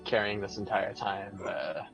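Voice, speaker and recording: A man playing a tabletop game, calmly describing his character's actions. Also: lowish voice, unhurried, vocal fry, over music, poor audio. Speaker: player. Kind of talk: casual tabletop play.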